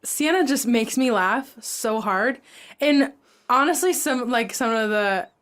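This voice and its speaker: A woman's voice: a little high, lively intonation, a little slow, fairly bright tone. A young woman co-hosting a podcast, telling a rambling story full of "like" fillers in a casual chat. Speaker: podcast co-host.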